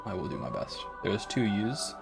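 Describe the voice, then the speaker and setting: A man's voice: lowish voice, very animated, normal speed, gravelly, music in the background. A man streaming a game, chatting playfully and rambling, slipping into a put-on British accent. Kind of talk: casual gameplay commentary.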